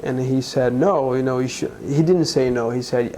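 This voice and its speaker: A man from Brazil, a guest in an interview, speaking earnestly and haltingly, with frequent restarts. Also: medium pitch, steady tone, dark tone, low-quality recording. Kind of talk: conversational interview.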